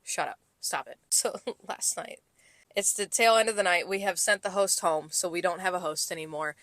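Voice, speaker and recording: A young woman, a restaurant server co-hosting a podcast, telling stories in a casual, profane, animated way. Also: lowish voice, normal speed, no room sound. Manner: profane, animated storytelling that acts out customers. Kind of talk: casual chat.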